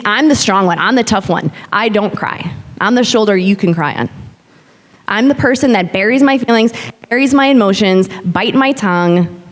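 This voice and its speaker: Woman in her thirties telling her story in a hall. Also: medium pitch. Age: 30s. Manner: candid, expressive storytelling. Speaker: yoga instructor. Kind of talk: personal story talk to a live audience. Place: large hall. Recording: long hall reverb.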